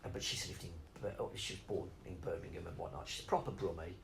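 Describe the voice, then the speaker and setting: A man's voice: low voice, steady tone, quick pace, gravelly, background noise. A middle-aged man rambling off on tangents in a casual interview, swearing freely as he talks about spoken word.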